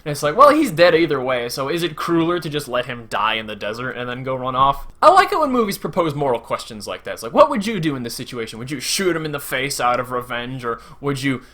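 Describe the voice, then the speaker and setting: A young man giving a casual, sarcastic movie review, acting out quotes in sudden shouts. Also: medium pitch, very animated, quick pace, few pauses.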